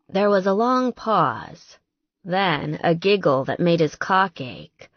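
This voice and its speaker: A woman narrating a romance novel in an expressive, unhurried storytelling manner. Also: low voice, slightly rough, no room sound. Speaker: audiobook narrator. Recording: dry, slightly dull audiobook recording.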